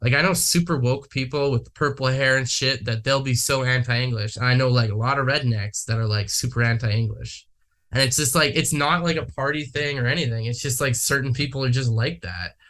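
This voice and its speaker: Casual podcast guy, rambles, swears freely, mid-pitched everyday voice. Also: fairly quick, a bit bright. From Manitoba, Canada. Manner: rambling, swears a lot, many fillers. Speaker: podcast guest. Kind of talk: casual chat.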